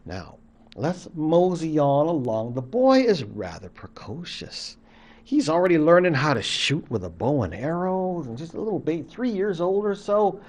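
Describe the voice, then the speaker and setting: A man's voice: fairly high pitch, very animated, normal speed, darkish tone. An older man, a college professor, telling a traditional story in a folksy, conversational way, acting out the scenes. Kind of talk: traditional story told to camera.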